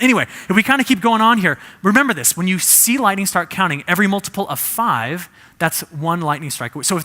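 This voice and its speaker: A man's voice: fairly high pitch, sharp tone. A man giving a humorous presentation, quizzing the audience with shows of hands.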